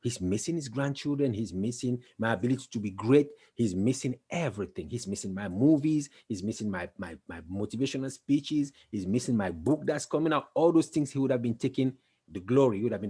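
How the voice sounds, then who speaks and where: A man's voice: mid-range voice, animated, a little fast, warm tone, breathy edge. A man giving an emphatic, repetitive motivational talk, building to intense passages. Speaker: motivational speaker.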